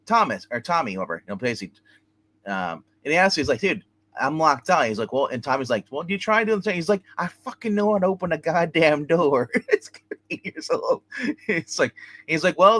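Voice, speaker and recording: Animated man retelling a TV episode. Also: on the high side, dry recording. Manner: animated retelling, acting out scenes, many fillers. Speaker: co-host reviewing a TV episode. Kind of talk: casual review chat.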